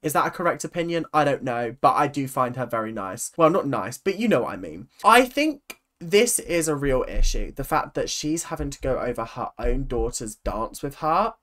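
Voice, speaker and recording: A woman's voice: a bass voice, lively intonation, normal speed, few pauses, fairly bright tone. A woman hosting a reaction video, chatting sarcastically and exclaiming at clips. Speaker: YouTube reaction host. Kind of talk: casual reaction commentary.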